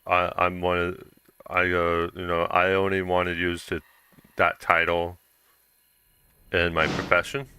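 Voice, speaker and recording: Low bright-voiced man telling stories. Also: monotone, unhurried, pauses often, smooth. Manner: rambling, chatty, frequent fillers and restarts. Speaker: game streamer. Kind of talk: casual storytelling while playing.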